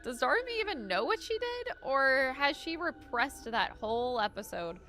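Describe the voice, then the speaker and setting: A woman streamer reads game dialogue aloud in a bright, ringing voice that sits a little high. She is expressive, swears and jokes to her chat. Soft game music runs behind her. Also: moderate pace. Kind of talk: reading game dialogue aloud during a playthrough.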